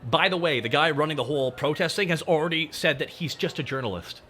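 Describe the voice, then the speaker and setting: A man's voice: a little high, quick pace, bright, forceful tone, a little hiss or hum. A man streaming live, chatting straight to his viewers and ranting with a lot of swearing over faint background music. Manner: ranting, profane, talks straight to chat. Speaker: VTuber streamer. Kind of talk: casual livestream chat.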